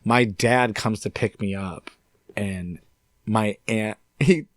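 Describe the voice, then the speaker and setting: A young man from upstate New York, a podcast guest telling a story in a casual, animated way and swearing freely. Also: lowish voice, takes it slowly, dry recording. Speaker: podcast guest, singer-songwriter.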